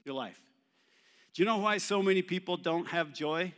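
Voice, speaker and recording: A church hall's long reverb surrounds this male pastor, whose fairly bright, high voice moves at normal speed. His sermon runs on call-and-response, posing questions to the congregation and getting their replies.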